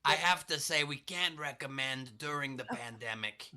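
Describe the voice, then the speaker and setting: A man doing a stern deadpan health official. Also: mid-range voice, moderate pace, crowd noise, close to an everyday voice.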